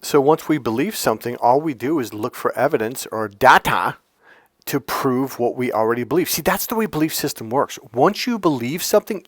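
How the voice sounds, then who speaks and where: A man's voice: mid-range voice, lively intonation, a little fast, no echo. Brash male dating coach, swears freely, mimics people to mock them, dry close sound. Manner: blunt and profane, mocks others with put-on voices. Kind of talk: casual advice monologue.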